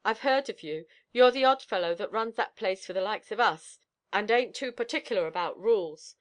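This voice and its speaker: A woman reader voicing a sullen, worn-out destitute young woman with a husky, croaking voice and coarse slang. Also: medium pitch, moderate pace, natural voice. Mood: weary.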